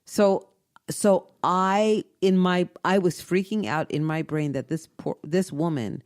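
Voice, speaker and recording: A woman hosting a casual podcast chat, telling stories in an animated way, often repeating herself and laughing. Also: lowish voice, takes it slowly. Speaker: podcast host and inventor.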